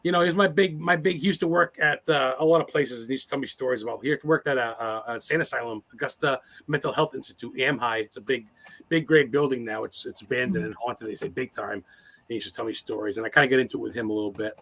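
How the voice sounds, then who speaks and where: A man's voice: mid-range voice, fairly even intonation, quick pace, a bit bright. A man in his forties, a guest on an interview show, telling personal stories in a rambling, profane and emotional way. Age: 40s. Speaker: podcast guest. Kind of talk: casual interview storytelling.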